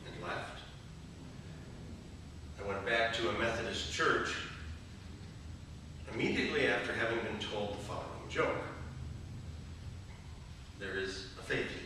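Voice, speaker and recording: A man's voice: fairly low pitch, unhurried, long pauses, background noise. A man giving a sermon as a bishop, telling stories and jokes to a gathering. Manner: storytelling, joking. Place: gathering hall. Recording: echoey hall, mic from far off.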